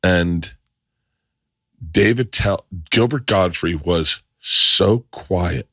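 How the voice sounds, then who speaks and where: A man hosting a podcast, telling stories in casual chat with quick impressions. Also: deep voice, no echo, studio quality. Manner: animated storyteller, jumps into impressions. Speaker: podcast host.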